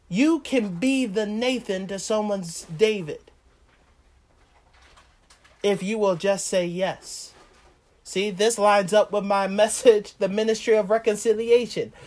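A woman's voice: mid-range voice, a little slow, a little mellow. A woman preaching a sermon, reading scripture and questioning her listeners before building to fervent, rising proclamations.

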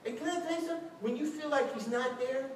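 A man preaching a lively sermon as a pastor, acting out quotes with shouts and laughter. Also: very high voice, fast. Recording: echoey hall, distant mic, faint noise.

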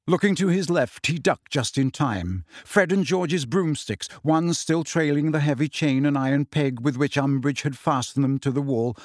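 A man reading a novel aloud in scripted narration with expressive storytelling. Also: medium pitch, no room sound, studio quality. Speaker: audiobook reader.

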